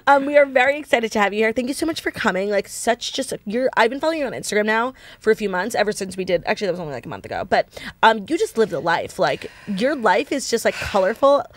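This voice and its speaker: A woman co-hosts a podcast and keeps the talk moving with quick, chatty banter. Her pitch rises and falls a lot. The sound is dry and close. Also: animated, no room sound. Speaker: podcast co-host. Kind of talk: casual chat.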